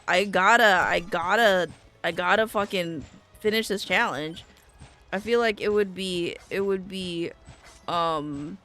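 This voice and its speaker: A woman streaming a video game live, excitable and quick to swear, jumping from yelps to low muttering as she plays and thanks her chat.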